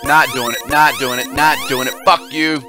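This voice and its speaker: A man streaming a video game, commenting live with excitable, yelling outbursts and sing-song jokes. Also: medium pitch, moderate pace, over music.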